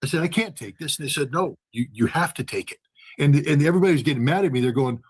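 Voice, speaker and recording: A man's voice: a little high, expressive, fast talker, breathy edge. A man, a former weapons inspector and ex-Marine, telling a story in conversation and acting out the dialogue.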